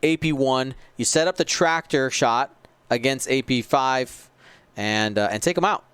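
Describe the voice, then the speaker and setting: A man's voice: mid-range voice, measured pace, a bit bright, clear, resonant tone, no echo. A man giving play-by-play commentary on a tabletop miniatures game, calling shots and explaining the rules with a wry aside now and then.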